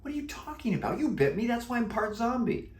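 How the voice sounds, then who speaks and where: A man voicing an eager, anxious middle-school boy in a storybook read-aloud, with his voice raised high. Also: fairly quick, close to an everyday voice. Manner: excited, questioning, high-pitched boyish voice. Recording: echoey room.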